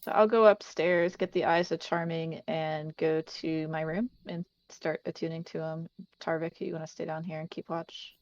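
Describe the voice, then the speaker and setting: A woman's voice: sits low, steady tone, moderate pace, dry recording. A woman playing a tabletop game, speaking briefly and matter-of-factly. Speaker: player. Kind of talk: casual tabletop game chat. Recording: dry dull lo-fi mic.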